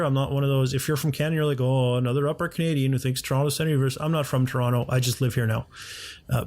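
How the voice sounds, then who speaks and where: A man's voice: medium pitch, a little mellow. A man hosting a gaming video, chatting casually and acting out quoted dialogue with an exasperated, rambling manner. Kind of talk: casual storytelling over gameplay.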